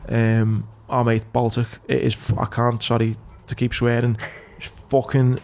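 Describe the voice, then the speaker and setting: A man's voice: mid-range voice, flat delivery, unhurried, creaky, a little mellow, a little hiss or hum. A man hosting a podcast, telling long rambling anecdotes in casual chat and swearing freely. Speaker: podcast host.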